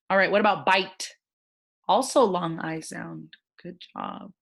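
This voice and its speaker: Slow, gentle woman teaching phonics. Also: lowish voice, vocal fry. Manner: slow, gentle and encouraging, sounding out words. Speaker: first grade teacher. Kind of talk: recorded online phonics lesson.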